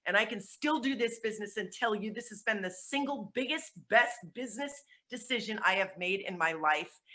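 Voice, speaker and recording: A woman speaking from home on a video call, giving an energetic, chatty network-marketing presentation while sweaty and flustered. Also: fairly high pitch. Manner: energetic and chatty, laughing at herself. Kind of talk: motivational online presentation. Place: at home with dogs.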